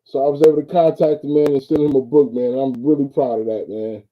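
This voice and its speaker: A man's voice: medium pitch, steady tone, a little fast, narrow, tinny audio. A man who coaches football, talking sports in an easygoing way and often saying "man" and "bro". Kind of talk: casual sports talk.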